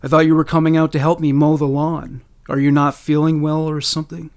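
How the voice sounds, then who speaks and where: A man's voice: fairly high pitch, level tone, a little fast, natural voice. A man voicing a father who asks breezy, probing questions with a hidden menace. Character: jovial father masking menace.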